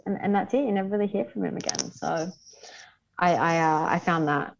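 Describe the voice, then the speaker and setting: A woman's voice: on the low side, brisk, vocal fry, muffled recording, a little hiss or hum. A woman as the show's pop culture correspondent, reviewing a film in casual podcast chat, with many ums and restarts.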